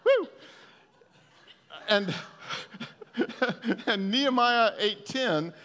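A man's voice: sits high, very slow, long pauses, a bit bright. Man preaching, chatty and playful, echoey hall. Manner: chatty and playful, breaks into song. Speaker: pastor. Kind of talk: informal sermon. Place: church hall.

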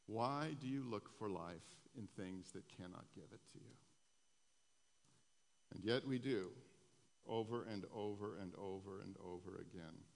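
A man's voice: on the low side, a little slow, gravelly. Man preaching in an echoey hall. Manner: preaching with rising emphasis on quoted scripture. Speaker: pastor. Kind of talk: sermon. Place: church sanctuary. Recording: echoey hall, long reverb.

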